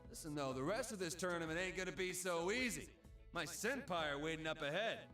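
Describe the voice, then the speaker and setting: An actor playing a proud, rough young fighter who talks loudly and bluntly. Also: male voice, on the high side, expressive, a little fast, soft background music. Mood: gruff. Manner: loud, gruff, blunt slangy talk. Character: rough, tough young male brawler, proud. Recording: distant, roomy game audio.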